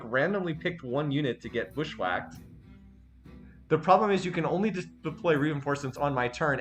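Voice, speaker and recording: A man narrates his strategy game in a slightly high voice, stumbling and repeating words as he gets frustrated. Faint game music plays under his commentary. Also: fairly bright tone. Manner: frustrated, halting, repeats himself when upset. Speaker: game streamer. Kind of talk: let's play commentary.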